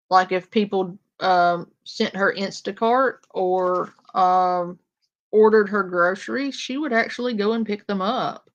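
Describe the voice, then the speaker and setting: A woman commentary streamer, speaking at medium pitch and a little slowly, chats casually on a live stream. She's blunt and confrontational toward her chat and uses frequent fillers.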